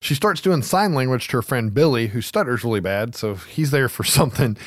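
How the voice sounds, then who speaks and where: A man's voice: mid-range voice, animated, fairly quick, no room sound, clean studio sound. A man co-hosting a podcast, casually recapping a film, laughing often and swearing freely. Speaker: podcast co-host. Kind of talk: casual movie recap chat.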